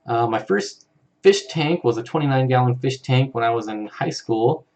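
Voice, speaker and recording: A man's voice: medium pitch, moderate pace, a little mellow. Easygoing man hosting a live stream. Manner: easygoing, chuckles often, reads comments aloud. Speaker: live-stream host for an aquarium channel. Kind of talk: casual live-stream chat reading viewer comments.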